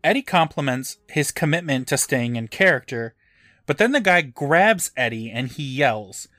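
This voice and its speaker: A man in the middle range of pitch recaps a television episode for a podcast, laying out the plot in a dry, matter-of-fact way. His voice is recorded close and dry, with no room sound around it. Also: animated, moderate pace, sharp tone, no room sound, faint music behind. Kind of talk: casual recap narration.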